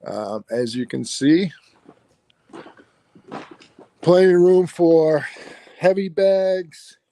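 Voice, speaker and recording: A man's voice: on the high side, expressive, takes it slowly, warm tone. A man hosting a casual interview, chiming in with short agreeing remarks. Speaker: interview host.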